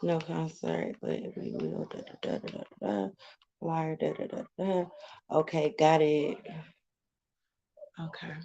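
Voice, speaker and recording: Woman, live stream host, gravelly, low voice, unhurried, chatty, greets viewers. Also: very animated, dark tone, lo-fi sound. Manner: chatty, greets viewers by name, laughs often. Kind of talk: casual live-stream chat.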